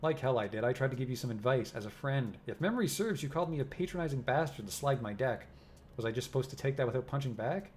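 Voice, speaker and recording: A man's voice: mid-range voice, animated, fast talker, a little mellow, slight background noise, natural voice. A man reading aloud the lines of a small, defensive male hacker. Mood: indignant. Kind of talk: reading game dialogue aloud.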